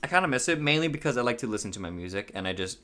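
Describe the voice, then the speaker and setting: A man's voice: mid-range voice, lively intonation, rapid-fire, pushed and bright. A young man from Hawaii telling a rambling story on his podcast. He swears a lot, laughs at himself and his voice cracks now and then. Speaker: podcast host. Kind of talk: casual storytelling.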